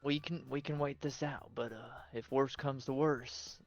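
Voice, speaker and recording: Gravelly, hesitant player. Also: male voice, medium pitch, fairly even intonation, lo-fi sound, faint music behind. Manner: slow, hesitant, measured. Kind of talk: playing a character in a tabletop game.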